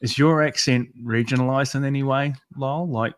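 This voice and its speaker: A man's voice: mid-range voice, steady tone, fairly quick, no echo. Easygoing male host on a video call. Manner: easygoing, laughs often, reads questions aloud. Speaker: host reading viewer questions. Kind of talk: casual live Q&A.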